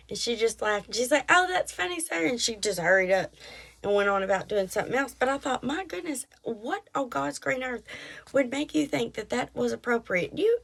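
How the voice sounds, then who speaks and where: A middle-aged woman, hosting a podcast and chatting through an animated story. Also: a little high, gravelly. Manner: chatty, animated retelling with quoted voices. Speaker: podcast host. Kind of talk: casual storytelling.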